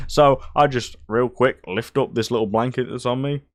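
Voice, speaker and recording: A man's voice: medium pitch, a little fast, few pauses, no room sound. A young man tells a personal story in a casual, crude and jokey way, swearing freely. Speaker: streamer.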